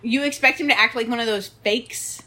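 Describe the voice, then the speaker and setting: A woman co-hosting a casual recap podcast, chiming in with quick reactions and agreement. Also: a little high, pushed and bright. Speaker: podcast co-host.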